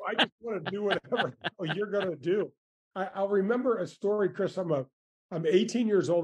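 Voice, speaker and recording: Warm, mellow-voiced golfer in his sixties telling stories. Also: a little high, slightly rough. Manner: animated, grateful storyteller with many restarts. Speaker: former tour golfer, guest. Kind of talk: casual storytelling interview.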